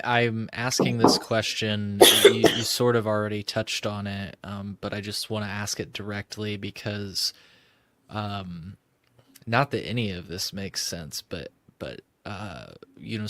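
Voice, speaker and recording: A man hosting an interview, asking questions gently and hesitantly with many fillers. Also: fairly low pitch. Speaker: podcast host.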